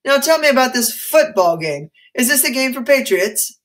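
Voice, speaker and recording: A woman voicing a stern, forceful colonial patriot leader who speaks insistently and loudly. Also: high voice, very animated, moderate pace, voice pushed up.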